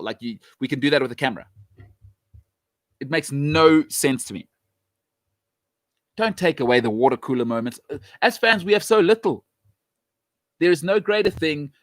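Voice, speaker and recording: A man hosting a show, giving an emphatic, opinionated monologue with rhetorical questions, frequent restarts and sudden rises in pitch when he makes a point. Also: lively intonation, moderate pace, pauses often, no room sound.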